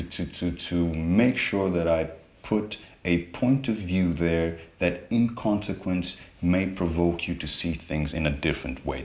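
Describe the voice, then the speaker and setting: Deep-voiced hesitant male artist. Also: darkish tone. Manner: hesitant, many repeated words. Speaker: artist interviewee. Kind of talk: conversational interview.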